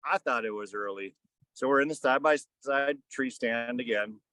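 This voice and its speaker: A man's voice: mid-range voice, normal speed, pushed and bright, no echo. A man in his thirties or forties, a podcast guest, telling a casual story in a rambling way full of "kinda" and "like.". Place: on a fishing boat.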